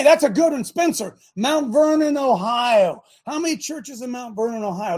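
A middle-aged male talk show host with a husky, fairly high voice that swoops wildly up and down. He rants in a preaching style, heavy with mocking sarcasm, flaring into shouts and then dropping to low mutters. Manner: swings between shouting and muttering. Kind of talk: impassioned preaching-style rant.

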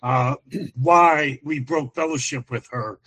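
A man calling into a talk show, telling a plain account with some halting fillers. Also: medium pitch, bright, forceful tone, low-quality recording. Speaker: caller on the show. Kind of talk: casual account.

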